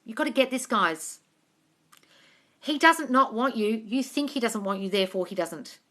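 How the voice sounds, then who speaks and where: Bright, blunt Australian woman coach. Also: a little high, animated, normal speed. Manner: blunt, sweary and affectionate, calls viewers darling. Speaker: manifesting coach on a live stream. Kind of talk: casual live Q&A, reading viewer comments.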